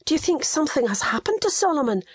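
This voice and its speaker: A woman's voice: sits high, very animated, moderate pace, darkish tone, no echo, studio quality, voice pushed up. A woman narrator voicing a frail young woman whose voice rises in fear. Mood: anxious. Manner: anxious, rising in fear. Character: frail, fearful young woman, Scottish-born sister.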